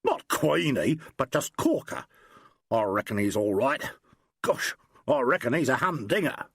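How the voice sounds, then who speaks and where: A narrator puts on a young New police sergeant in an audiobook, a man eager and admiring who gushes his story in lively, bouncing tones. The voice sits close and dry. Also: mid-range voice, measured pace, slightly rough, no echo, full character voice. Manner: chatty, admiring, slangy storytelling.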